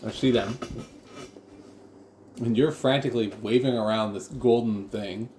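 A man's voice: mid-range voice, unhurried, a little mellow. A man playing a tabletop game, joking and pushy in his banter with the table. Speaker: player. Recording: roomy with faint noise.

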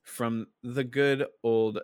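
A man's voice: medium pitch, fairly even intonation, very slow, darkish tone, smooth, no echo, clean studio sound. A man co-hosting a casual podcast, talking bluntly and swearing casually. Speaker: podcast co-host.

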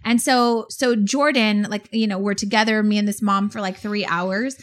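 A woman's voice: mid-range voice, normal speed. A woman in her forties telling a story in casual chat, acting out what people said. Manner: animated storyteller, acts out quotes.

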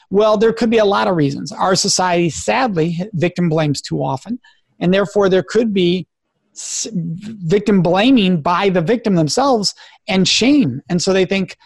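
A man's voice: high voice, moderate pace, creaky, breathy edge, no room sound, studio quality. Earnest man coaching on talk radio. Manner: earnest, coaching tone, acts out example phrases. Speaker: guest expert on sexual respect. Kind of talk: radio talk show interview.

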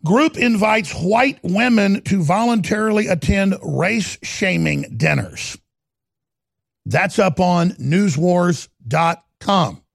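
A man hosting a talk radio show, delivering a heated, ranting monologue that swings between loud and quiet. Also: sits high, expressive, slow, creaky, no echo, studio quality.

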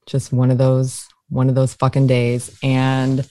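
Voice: medium pitch, monotone, unhurried, warm tone, no room sound. A podcast co-host chatting in a blunt, teasing way. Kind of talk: casual chat.

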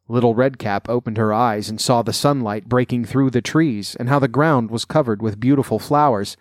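A man calmly narrating a fairy tale in a measured storybook reading. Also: mid-range voice, no room sound, clean studio sound.

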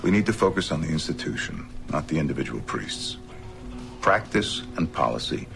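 An actor playing a blunt, commanding middle-aged newspaper editor, speaking in firm, clipped orders. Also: male voice, very deep voice, very animated, normal speed, vocal fry, a bit bright, heavily acted. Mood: firm, demanding. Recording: film clip with music score underneath.

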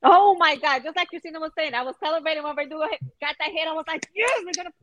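A woman's voice: high-pitched, racing, fairly bright tone, no echo, low-quality recording. A woman co-hosting a casual sports podcast, venting emphatically with rhetorical questions. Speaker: podcast co-host.

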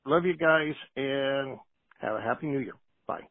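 A man's voice: medium pitch, normal speed, no echo. A man leaving a long, rambling voice message for a podcast as a caller. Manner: chatty and long-winded. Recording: tinny phone line.

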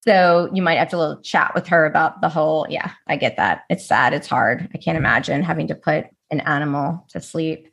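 A woman's voice: low voice, fairly quick, gravelly, hardly any pauses, fairly bright tone, slightly rough. A middle-aged woman hosting an interview over a video call, chatty and full of energy. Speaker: interview host.

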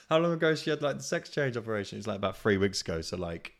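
A man's voice: lowish voice, sing-song, racing, gravelly. A man hosting a podcast, telling a funny story in a rambling, casual way, swearing often and laughing as he goes. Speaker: podcast host.

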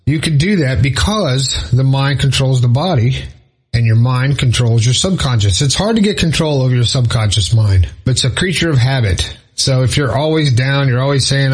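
A man's voice: medium pitch, lively intonation, moderate pace, slightly rough, poor audio. A man talking straight to his viewers in a casual motivational monologue, earnest and encouraging, repeating points for emphasis and joking with himself now and then. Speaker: motivational vlogger.

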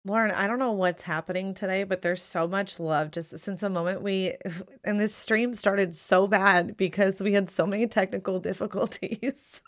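Woman host, live stream podcast, upbeat, casual, mid-pitched voice. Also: steady tone, normal speed. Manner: upbeat, shouting out viewers, casual cussing.

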